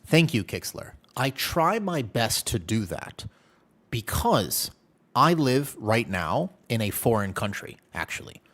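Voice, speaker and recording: A man livestreaming a game, chatting candidly and telling animated stories with playful exaggeration. He is from the United States. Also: mid-range voice, slow pace. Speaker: game streamer. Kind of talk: casual livestream chat while gaming.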